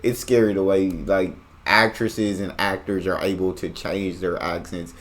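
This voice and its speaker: American man, reaction host, casual slangy chat, low voice. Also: unhurried, a little hiss or hum. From United States. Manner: relaxed, chatty, slangy.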